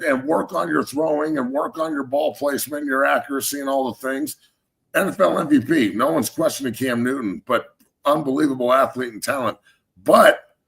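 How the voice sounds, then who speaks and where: A man in his thirties hosting a sports talk show, ranting in a heated, profane way with loud, emphatic swings. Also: fairly high pitch, gravelly. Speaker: show host, former NFL lineman.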